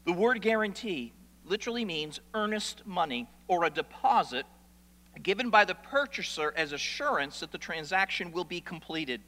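A man preaching a sermon as pastor, animated, asking rhetorical questions and swinging between loud and hushed. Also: sits high, normal speed. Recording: long reverb of a large hall.

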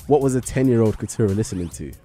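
Low-voiced chatty male radio host. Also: very fast, warm tone, faint music behind. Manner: chatty, joking, laughs easily. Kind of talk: casual radio interview. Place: radio studio.

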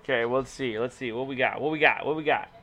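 A man's voice: medium pitch, quick pace, sharp tone. A young man in casual chat, joking around and reading web pages aloud in a laid-back way. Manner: laid-back, joking, says dude and bro.

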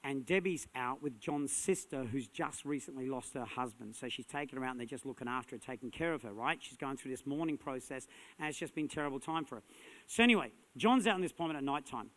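A man preaching a sermon as a pastor, energetic and punchy, building to loud emphatic peaks. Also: medium pitch, fast talker. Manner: energetic, punchy, rising to shouts.

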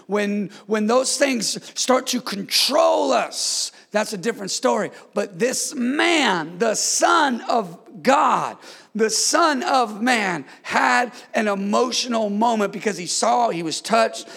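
High-voiced gravelly preacher in a hall. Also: male voice. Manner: call-and-response preaching, swings from hushed to shouted. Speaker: pastor. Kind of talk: sermon. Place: church sanctuary.

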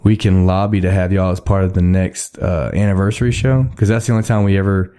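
A man's voice: low-pitched, steady tone, brisk, mellow, clean tone. A man, hosting a podcast in a rambling, laid-back way and laughing often. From Texas. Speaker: podcast host. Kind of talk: casual chat. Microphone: studio microphone.

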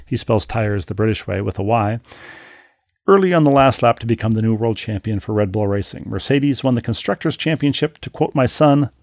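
Man, podcast co-host: gravelly voice, dry close sound, reads mail then tells stories wryly with many restarts. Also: on the low side, a little fast, no room sound. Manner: wry, animated storytelling with frequent restarts. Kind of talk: casual podcast chat, reading listener mail aloud.

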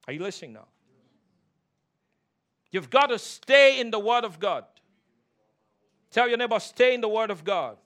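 A pastor preaching with a high, bright, forceful voice. He drives his points home by repeating key lines and slowing down on them. He calls out for the congregation to answer him. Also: animated. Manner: emphatic preaching with call-and-response; repeats key phrases, slows for emphasis. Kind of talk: sermon.

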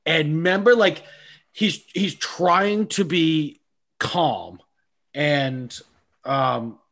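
A man co-hosting a casual film podcast, talking in an animated way, swearing a lot and acting out scenes with many restarts. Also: on the high side, extremely slow. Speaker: podcast co-host. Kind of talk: casual chat about films.

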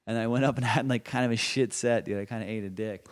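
A man's voice: medium pitch, fairly even intonation, fast, dry recording, studio quality. A man, a comedian guest on a podcast, telling stories in a casual, profane, filler-heavy way.

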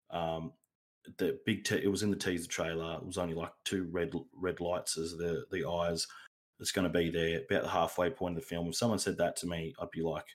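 Very deep-voiced rambling co-host. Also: male voice, fairly even intonation, fairly quick. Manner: rambling, goes off on tangents. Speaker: podcast co-host. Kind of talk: casual podcast chat.

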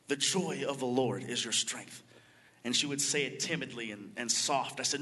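An earnest man tells his testimony from a church stage with bright, forceful delivery. He speaks with emotion and open feeling, and his voice rings with a long hall reverb in the sanctuary. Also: mid-range voice, normal speed. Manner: emotional, earnest, self-described crier. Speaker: mission trip leader sharing testimony.

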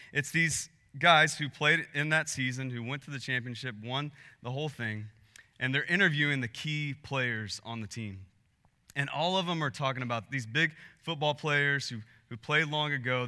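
A man's voice: mid-range voice, sharp tone, big-room sound. A man preaching a sermon as pastor, telling a story in an earnest way that builds in intensity.

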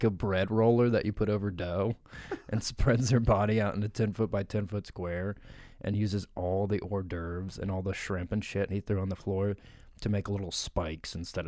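Young male co-host, very low voice, laid-back deadpan delivery, dry close mic. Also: no echo. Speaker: podcast co-host. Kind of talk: improvised comedic storytelling.

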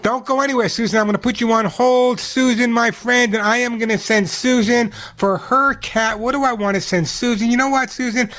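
Energetic high-voiced male radio host. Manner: energetic, chatty, repeats phone number slowly. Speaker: radio pet show host. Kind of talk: call-in radio advice.

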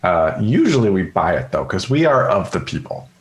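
A man's voice: sits low, big pitch swings, moderate pace. A man co-hosting a podcast, chatting casually in an easygoing, jokey way with plenty of fillers. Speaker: podcast co-host. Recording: roomy echo.

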